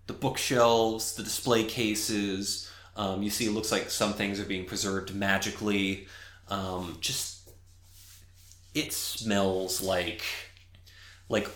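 A man narrating as game master of a tabletop role-playing game, halting with many fillers. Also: on the low side, a bit bright, roomy sound.

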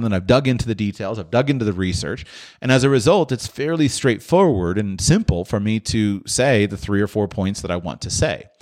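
Low-voiced man answering listener questions. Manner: thoughtful, with frequent restarts and filler. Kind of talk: unscripted monologue.

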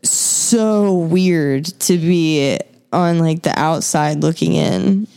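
A woman's voice: sits low, extremely slow, creaky, mellow, clear, resonant tone. A young woman hosting a podcast, chatting casually and easily with many fillers and laughs. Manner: laid-back, lots of fillers and laughs. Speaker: podcast host. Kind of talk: casual chat.

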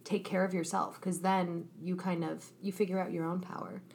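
Chatty upbeat woman cohost, kinda low voice, faint hiss behind. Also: level tone, normal speed, creaky, darkish tone. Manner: chatty, bubbly, affirming. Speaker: podcast co-host. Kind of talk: casual chat.

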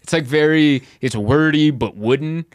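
A comedian telling stories in a casual podcast chat, animated and often laughing as he mimics people. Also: on the high side, normal speed, no room sound.

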